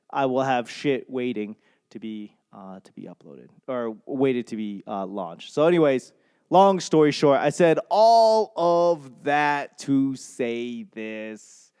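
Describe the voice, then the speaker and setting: A man's voice: mid-range voice, darkish tone, clean tone. A young man from Boston, a stand-up comedian hosting his solo podcast, rambling casually, swearing often and losing his train of thought. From Boston, USA.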